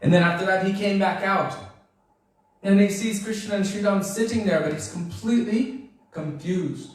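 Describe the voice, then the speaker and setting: A man giving a devotional storytelling lecture, animated and acting out the characters as he goes. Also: sits high, moderate pace. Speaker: devotional speaker. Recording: very echoey room, voice far from mic.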